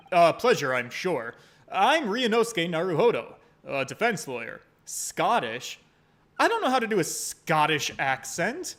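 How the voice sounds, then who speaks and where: A man's voice: fairly high pitch, a bit bright. A man streaming a story game, commenting casually in a crude, joking way.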